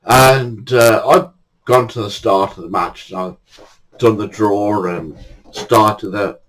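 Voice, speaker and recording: A man's voice: on the low side, fairly even intonation, slow pace, fairly bright tone, low-quality recording. An older man telling true stories in a chatty way, often breaking into laughter. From England. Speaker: storyteller. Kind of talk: casual anecdote telling.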